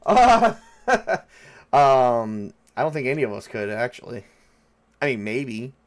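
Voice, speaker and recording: A man's voice: mid-range voice, very animated, takes it slowly. A man running a tabletop game as game master, talking loosely with many fillers and restarts.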